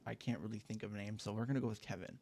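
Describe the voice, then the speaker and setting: A man's voice: lowish voice, rapid-fire, mellow, slightly rough. A young man casually telling a story time, rambling and profane, with lots of filler words, on a headset mic at home. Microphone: gaming headset mic.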